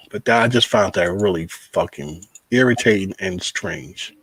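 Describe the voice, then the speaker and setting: Animated swearing bus driver. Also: male voice, medium pitch, moderate pace, dry recording, poor audio. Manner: animated storytelling, swears freely, laughs. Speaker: podcast host, bus driver. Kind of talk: casual chat.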